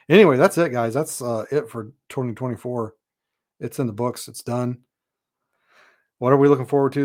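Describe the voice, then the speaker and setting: A man's voice: medium pitch, a little mellow. A man hosting a podcast, talking in a casual, rambling monologue full of "you know" and "uh", frank and a little exasperated. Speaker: podcast host.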